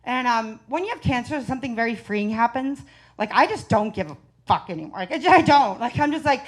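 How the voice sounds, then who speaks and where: A brash, profane woman working a comedy club crowd through a handheld mic. Her voice sits high and swings wildly up and down, and she keeps laughing through her own punchlines. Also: animated, a little fast. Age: 40s. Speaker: stand-up comedian. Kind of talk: stand-up comedy set.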